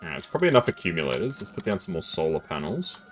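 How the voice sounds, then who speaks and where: Deep-voiced, chatty male game streamer. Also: very animated, rapid-fire, faint music behind. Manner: chatty, laughs often, self-deprecating. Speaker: gameplay streamer. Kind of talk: casual live-stream commentary.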